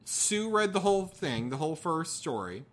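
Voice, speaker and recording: Animated, wry-joking man. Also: on the high side, moderate pace. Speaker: podcast co-host. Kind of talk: casual chat.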